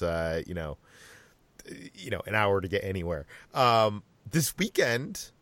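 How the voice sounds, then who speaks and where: A man hosting a casual podcast, relaxed and rambling with fillers. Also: fairly low pitch, dry recording. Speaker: podcast host, editor-in-chief. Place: Los Angeles.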